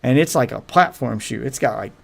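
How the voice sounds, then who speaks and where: A man's voice: medium pitch, fairly quick, creaky. A man hosting his livestream, telling crude rambling stories in casual chat with faint music behind him. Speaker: livestream host.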